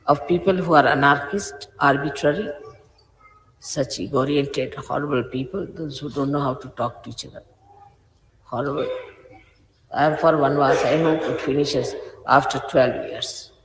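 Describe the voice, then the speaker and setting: A woman, a spiritual teacher, gives an informal, emphatic sermon, admonishing her followers. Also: deep voice. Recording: echoey hall with faint hiss.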